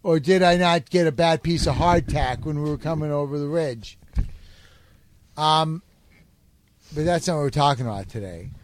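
A man's voice: on the high side, moderate pace, pauses often, a little hiss or hum. A man hosting a comedy podcast, rambling through goofy improvised bits with lots of fillers, on a close, dry mic.

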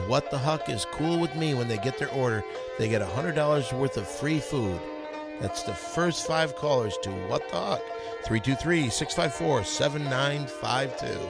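A man's voice: medium pitch, normal speed, gravelly, over loud music. A man hosting a podcast, scolding a co-host and reading ad copy, swearing freely. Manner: scolding, profane, reading ads. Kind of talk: heated podcast argument.

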